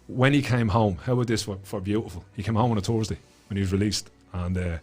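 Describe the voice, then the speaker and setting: A man's voice: fairly low pitch, fairly even intonation, fast talker. An Irish man in his middle years, a guest on a chat podcast, telling his story with passion, swearing freely and repeating words as his feelings rise.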